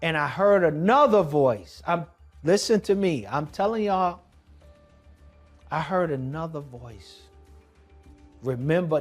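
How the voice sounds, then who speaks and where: A man recounts his personal testimony as a transplant recipient. He speaks at an unhurried pace with a somewhat high voice, talking emphatically and conversationally. Faint music plays underneath. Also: lively intonation. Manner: emphatic, conversational storytelling with slang asides. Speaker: kidney transplant recipient sharing his story.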